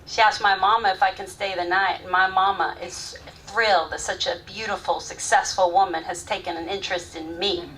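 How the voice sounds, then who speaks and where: An actress performing a live stage monologue as a grown woman candidly recalling her first love, sometimes soft, sometimes loud. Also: medium pitch, steady tone, fairly quick, hardly any pauses, lightly acted. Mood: frank recalling. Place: theater stage, live audience. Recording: distant stage mic, faint room noise.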